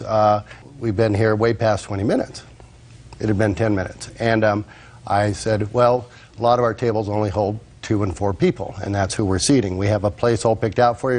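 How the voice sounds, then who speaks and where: A man testifying as a restaurant manager witness, halting and searching for his words. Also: lowish voice, a little mellow. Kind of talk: courtroom testimony.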